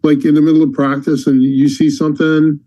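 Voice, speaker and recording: A high-pitched man hosts a casual podcast chat. He talks in animated bursts, slipping into the voices of yelling coaches as he tells his stories. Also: brisk, dull audio. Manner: animated storyteller, acts out shouting coaches. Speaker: podcast host and basketball coach.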